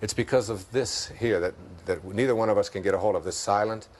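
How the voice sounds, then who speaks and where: A man with a Detroit accent, a self-help author appearing as an interview guest, speaks quickly in a lowish voice. He is reflective and tells stories conversationally, laughing often as he talks.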